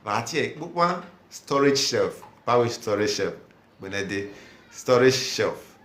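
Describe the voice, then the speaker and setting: A man with a mid-range voice leads a language lesson at an unhurried pace. He says each word over and over for learners to copy and stops to read out viewers' comments. The room around him gives his voice a noticeable echo. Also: medium pitch, expressive, a bit bright. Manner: slow, repeats words for learners to copy. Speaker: language teacher. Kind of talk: teaching a language lesson live.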